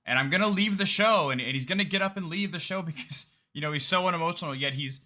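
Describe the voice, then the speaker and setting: A man's voice: a little high, quick pace, sharp tone. Blunt, mocking man doing reaction commentary. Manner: blunt, mocking, talks with slang and laughs. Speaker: commentator reacting to a debate clip.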